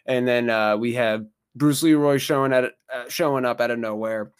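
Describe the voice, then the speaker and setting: A mid-pitched man chatting on a podcast, retelling scenes loosely with lots of fillers and quick laughs. His voice sits close and dry with no room sound. The talk is relaxed and conversational. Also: clean tone, dry recording. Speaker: podcast co-host. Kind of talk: casual movie-review chat.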